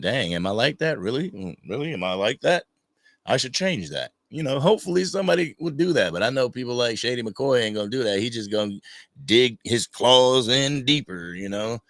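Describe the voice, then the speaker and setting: This livestream host speaks in a lowish voice with no room sound, running an unscripted fan stream. He chats casually and with animation, greeting viewers by reading their chat names aloud.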